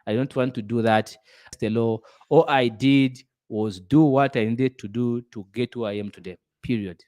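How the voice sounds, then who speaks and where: A man's voice: medium pitch, moderate pace, a little mellow. A middle-aged man giving a motivational business talk, earnest and preachy, repeating phrases for emphasis. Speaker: business speaker.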